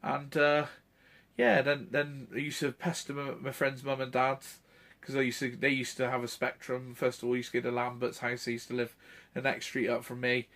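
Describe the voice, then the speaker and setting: A man's voice: mid-range voice, flat delivery, normal speed, fairly bright tone. Male vlogger, late thirties, easygoing rambling storyteller with fillers and laughs. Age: 30s. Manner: rambling anecdotes with frequent fillers and chuckles. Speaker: retro gaming channel host. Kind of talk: casual chat.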